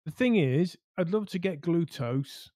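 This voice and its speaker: A man's voice: on the high side, expressive, unhurried, dark tone, no room sound. A man co-hosting a casual hobby chat show, rambling and restarting his sentences as he weighs his options. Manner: rambling, hesitant, many restarts. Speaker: co-host.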